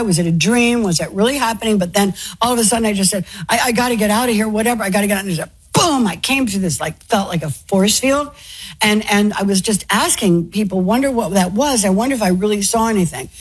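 A woman tells a personal story in a breathy, slightly husky voice. She speaks earnestly, often stumbling and restarting as she goes, and she is visibly moved by her own account. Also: mid-range voice. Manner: earnest, emotional, halting with many restarts. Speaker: interview guest.

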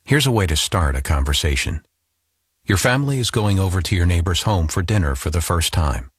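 Deep husky male PSA voice. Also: lively intonation, fairly quick, no room sound, clean studio sound. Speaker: announcer. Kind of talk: public service announcement.

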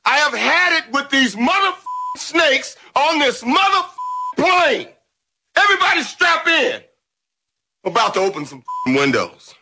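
An actor playing a furious man who shouts in a film scene. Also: very high voice, big pitch swings, measured pace, full character voice. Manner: shouting, profane.

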